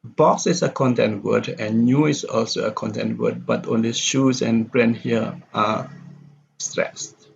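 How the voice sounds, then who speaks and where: A man's voice: medium pitch, fairly even intonation, unhurried, vocal fry. A man teaching a pronunciation lesson, reading example sentences aloud and then explaining which words take stress. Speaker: pronunciation lecturer. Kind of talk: classroom lecture on word stress. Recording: dull, lo-fi with faint background noise.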